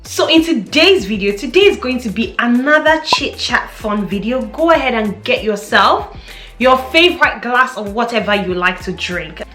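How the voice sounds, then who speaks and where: A woman's voice: fairly high pitch, animated, moderate pace. A young woman vlogger chatting playfully to her viewers and laughing often. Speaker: fragrance vlogger. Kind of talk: casual chat to camera. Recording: echoey room with faint music.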